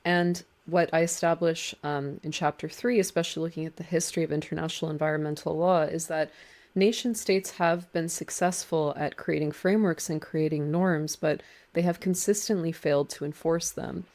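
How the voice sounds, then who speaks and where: A woman author explaining a legal argument in a measured, precise way. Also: sits low, steady tone, a little mellow. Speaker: guest, book author on marine law.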